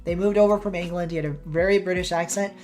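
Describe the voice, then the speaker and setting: This American woman streamer has a fairly low, slightly mellow voice with fairly even intonation, and she talks quickly. Soft music plays behind her as she chats casually with viewers and reacts to the match and the chat.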